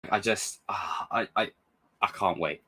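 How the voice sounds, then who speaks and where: Male host for an excitable reaction-video ramble with a very deep voice, restarting sentences. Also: unhurried. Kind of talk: casual reaction commentary.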